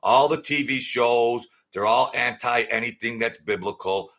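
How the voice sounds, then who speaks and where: A man's voice: mid-range voice, measured pace, fairly bright tone. A man delivering a blunt, heated, repetitive ranting monologue as an online commentator.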